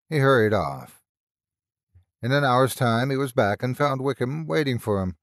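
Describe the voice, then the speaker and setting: Male narrator for a classic ghost story, lively intonation, dry close sound. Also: medium pitch, moderate pace, no echo.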